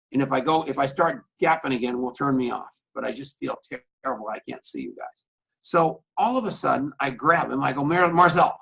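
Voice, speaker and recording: Gravelly storytelling radio host man. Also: mid-range voice, low-quality recording. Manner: animated anecdote telling, acting out both sides of a conversation. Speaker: radio talk show host. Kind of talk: storytelling on camera. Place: coffee shop.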